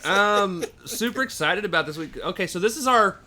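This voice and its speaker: Bright-voiced man recapping comics. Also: high voice, lively intonation, normal speed. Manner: summarizes plots at length, dry jokes. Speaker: podcast co-host. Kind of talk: casual comic book recap.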